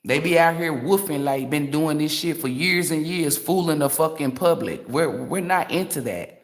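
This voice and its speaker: A woman's voice: low-pitched, animated, normal speed. Blunt, profane woman tarot reader ranting. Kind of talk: livestream rant.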